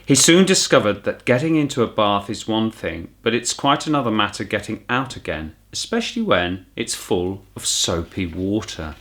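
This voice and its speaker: A man reading a children's storybook aloud as a teacher, his pitch moving freely. He narrates with lively, expressive storytelling. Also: moderate pace, hardly any pauses. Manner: warm and animated storytelling. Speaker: primary school teacher.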